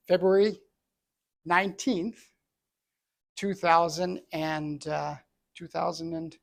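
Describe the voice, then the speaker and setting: A man's voice: a little high, vocal fry. A middle-aged man from Canada, an entrepreneur telling his own story in an earnest, reflective way. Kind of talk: personal storytelling talk.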